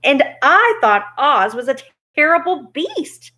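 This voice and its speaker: A woman voices an anxious, agitated tin man in a high, exaggerated voice pitched above her own, pushed and bright. She speaks slowly, with big swings in pitch.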